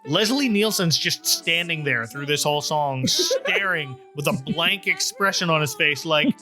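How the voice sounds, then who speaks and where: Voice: medium pitch, big pitch swings, a little slow, hardly any pauses, music in the background. A podcast host retelling a story scene by scene, with wry joking asides. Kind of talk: recap chat, retelling the plot.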